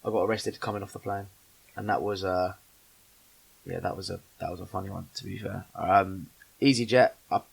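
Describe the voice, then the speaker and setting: A young man telling a funny travel story on a podcast, animated and swearing freely as he acts out what people said. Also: low-pitched, brisk, vocal fry, breathy edge.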